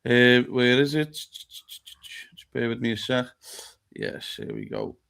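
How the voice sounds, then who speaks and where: A man's voice: medium pitch, huge pitch swings, slow, vocal fry, fairly bright tone. A man hosting a live fan talk show, sweary and blunt, reading out comments from viewers.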